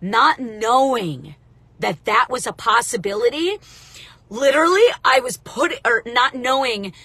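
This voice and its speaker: A woman in her thirties hosting a casual motivational talk, chatty and direct with viewers, congested from allergies and clearing her throat. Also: fairly high pitch, expressive, unhurried, pushed and bright, no echo. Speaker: motivational livestream host.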